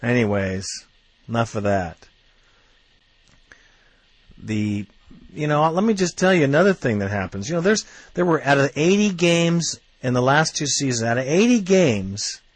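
A man ranting as a fan commentator, blunt and quick to swear, working himself up into heated outbursts. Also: medium pitch, very animated, dry recording.

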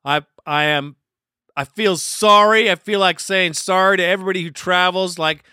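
A man with a high, bright voice hosts a sports podcast and rants about a loss. The sound is crisp and dry, with no room around it. He talks casually, frustrated but still laughing now and then. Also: fairly even intonation, normal speed, no room sound. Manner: frustrated, ranting, with a laugh in his voice. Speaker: podcast host. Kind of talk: casual postgame commentary.

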